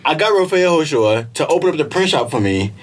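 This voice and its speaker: A young man from Israel co-hosting a casual podcast, telling an animated, slangy story and laughing often. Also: fairly high pitch, quick pace, a little hiss or hum. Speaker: podcast co-host. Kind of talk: casual chat.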